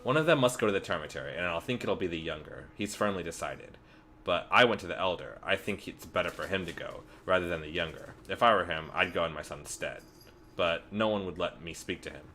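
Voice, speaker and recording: A man quietly reading aloud the lines of a cryptic girl changeling in a game. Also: deep voice, lively intonation, a little fast, a little hiss or hum, full character voice.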